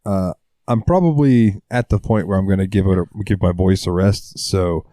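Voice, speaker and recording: A young man chatting on a podcast, his voice a little worn and strained. He talks in a laid-back way, swears freely and keeps clearing his throat. The sound is dry and close. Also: low voice, moderate pace, dark tone, dry recording. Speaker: podcast co-host. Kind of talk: casual chat.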